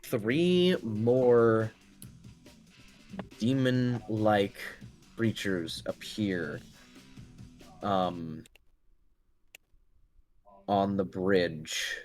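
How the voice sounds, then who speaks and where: A man narrating a tabletop game as game master, halting often with ums and restarts. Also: fairly low pitch, a little mellow, soft background music.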